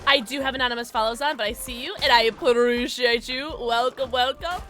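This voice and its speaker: A young woman streaming a game, chatting casually with her viewers and reading chat aloud, bubbly and quick to laugh. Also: a little high, very noisy. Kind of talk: casual gaming livestream chat.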